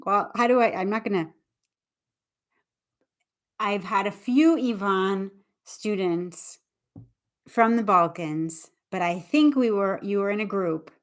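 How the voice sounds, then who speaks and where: During a relaxed livestream, an English teacher with a medium-pitched voice works through her explanation thoughtfully and deliberately, frequently restarting her sentences.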